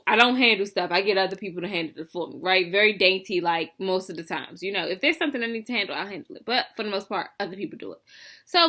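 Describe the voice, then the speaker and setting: A young woman in a casual storytelling vlog, animated and chatty, full of fillers and asides. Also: mid-range voice. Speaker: vlogger telling a story.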